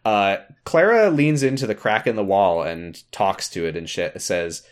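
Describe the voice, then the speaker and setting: A man co-hosting a podcast, recapping an episode in a wry, deadpan way with casual fillers. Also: fairly low pitch, moderate pace. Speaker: podcast co-host.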